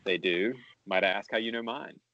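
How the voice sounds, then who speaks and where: A man's voice: lowish voice, normal speed, pushed and bright, highs cut off, a little hiss or hum. A man voicing a terse male adventurer-hero with a put-on Russian accent, answering in clipped, reluctant phrases. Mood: guarded. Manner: clipped, reluctant, few words.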